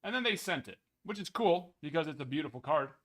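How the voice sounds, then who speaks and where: A man's voice: on the high side, expressive, fast talker, a bit bright. A man hosting a card break stream, rambling casually with jokey mock outrage. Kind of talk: casual live-stream chat.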